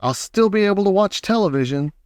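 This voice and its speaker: A bratty little boy with a squeaky, whiny voice, done by a man reading aloud, pitched well up. The sound is dry and close-miked. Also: lively intonation, brisk, darkish tone, clear, resonant tone, no room sound. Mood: cocky. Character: small boy, bratty and shrill. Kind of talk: audiobook character voice.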